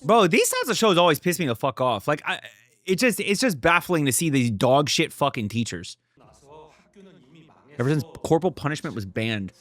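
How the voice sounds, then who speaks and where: A man's voice: on the high side, sing-song, moderate pace, a bit bright. Profane, fired-up young man reacting. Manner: profane, blunt and worked up, swearing often. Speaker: reaction channel host. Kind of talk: casual reaction commentary.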